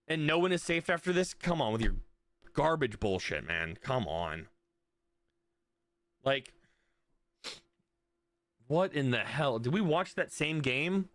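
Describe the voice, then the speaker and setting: A man's voice: medium pitch, very animated, slow pace, long pauses, fairly bright tone, no room sound. Profane, ranting male streamer, dry sound. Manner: exasperated, profane ranting to viewers. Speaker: streamer reacting to a soccer match. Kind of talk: live stream reaction rant.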